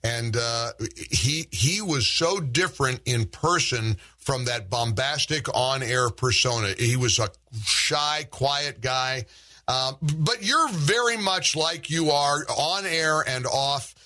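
A man's voice: mid-range voice, animated, takes it slowly, pushed and bright. A man hosting a conversational interview, rambling with frequent restarts as he tells anecdotes. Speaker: talk show host.

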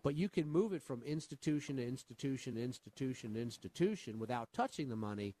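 A man's voice: mid-range voice, lively intonation, a little fast, dark tone. A man co-hosting a finance radio show as an advisor, patiently explaining retirement rules while quizzing his co-host. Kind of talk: radio call-in finance chat.

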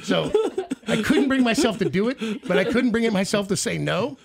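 A middle-aged man from the Kansas City area, hosting a casual chat and telling a story with animated, acted-out quotes. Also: sits high, moderate pace, gravelly. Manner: animated storyteller, acts out quoted voices loudly.

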